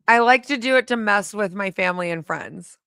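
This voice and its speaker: A woman hosts a casual livestream, chatty and excitable, and laughs often. Her voice is smooth and clean at a middle pitch, and the recording is close and dry. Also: dry recording. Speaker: livestream host.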